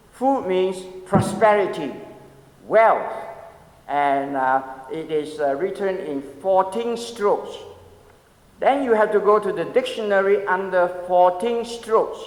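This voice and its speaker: A man in his seventies, a pastor giving a conversational sermon, telling stories and asking the audience questions with light humor. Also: high voice. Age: 70s. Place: church sanctuary. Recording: long echoey church reverb.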